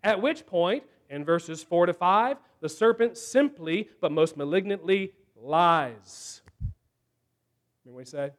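A man preaching a sermon, slow and emphatic, with dramatic pauses between phrases. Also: high voice, expressive.

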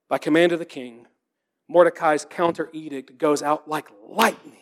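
A man preaching a sermon as pastor, earnest and rhetorical, asking repeated questions and dropping to a hushed voice. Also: fairly high pitch, moderate pace.

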